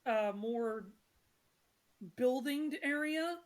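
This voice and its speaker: A woman's voice: high voice, very slow. A woman narrating a tabletop game session as game master, chatty and apologetic with many fillers.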